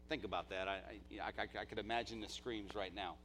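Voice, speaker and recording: A man's voice: fairly quick, a little hiss or hum. Impassioned man preaching a live sermon. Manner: impassioned, swings from low asides to near-shouting. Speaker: pastor. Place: church service.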